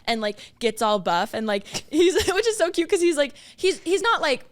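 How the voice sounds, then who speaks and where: Podcast co-host, young woman, higher voice, chatty and animated storyteller. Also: moderate pace. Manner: animated, filler-heavy storytelling with acted-out quotes. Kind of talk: casual storytelling chat.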